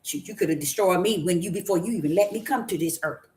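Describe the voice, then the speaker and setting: Satan, as a preaching woman puts him on, quick and grudging. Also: on the low side, a little mellow, a little hiss or hum, close to an everyday voice. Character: Satan, grudging and thankful devil.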